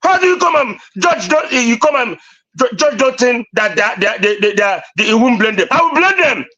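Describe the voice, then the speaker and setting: High-pitched ranting Nigerian man. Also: animated, normal speed, sharp tone, lo-fi sound. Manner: ranting, insistent, repeats himself. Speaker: panelist on a live stream. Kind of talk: heated debate.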